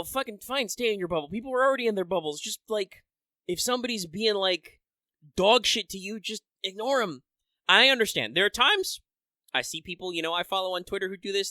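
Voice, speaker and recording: A man with a high voice, pushed and bright, co-hosts a podcast in casual chat. He rambles and swears, interrupting himself with restarts and filler words. The recording is dry and studio quality.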